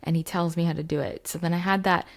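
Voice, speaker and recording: A woman's voice: lowish voice, fairly even intonation, fast, creaky. A woman, a mindset coach, telling a story to camera in a chatty way with many fillers. She is recording in her home basement.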